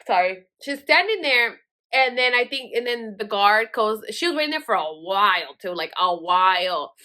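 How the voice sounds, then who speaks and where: A woman's voice: mid-range voice, expressive, moderate pace, bright, forceful tone. A woman telling a story in a casual, chatty way, swearing often and filling her speech with "like". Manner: chatty, profane, full of "like" fillers. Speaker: vlogger.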